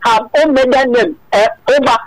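High-voiced Nigerian man calling in by phone. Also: moderate pace, crowd noise, poor audio. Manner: explaining at length, checking the host follows. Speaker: radio phone-in caller. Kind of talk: phone-in radio chat.

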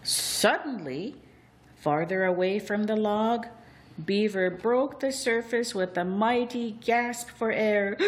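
A woman telling a folk tale aloud, in a deliberate, expressive storytelling manner. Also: mid-range voice. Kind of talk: storybook narration.

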